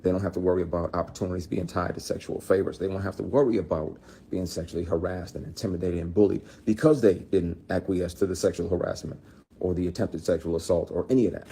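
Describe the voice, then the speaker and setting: A man from Michigan speaking emphatically and passionately, swinging between fired-up outbursts and quiet, grave statements. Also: low-pitched, fairly even intonation, fast, slight background noise. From Michigan, USA. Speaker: actor. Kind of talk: impassioned spoken statement.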